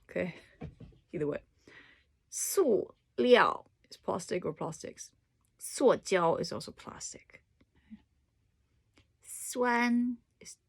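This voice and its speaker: A woman's voice: fairly low pitch, vocal fry, slightly rough. A woman casually reading dictionary entries aloud to herself, trying out Chinese words with small asides and occasional whispers. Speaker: language learner reading a dictionary.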